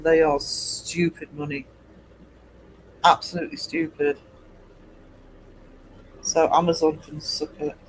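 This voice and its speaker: Chatty man, rather high. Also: a little mellow, slight background noise, poor audio. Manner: rambling, chatty, laughs easily. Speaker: artist live-streaming. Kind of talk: casual chat with stream viewers.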